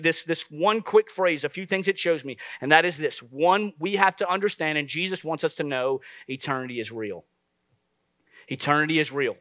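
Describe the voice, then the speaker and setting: A man preaching a sermon as pastor, lively and conversational, with asides to the congregation. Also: sits high, dry recording.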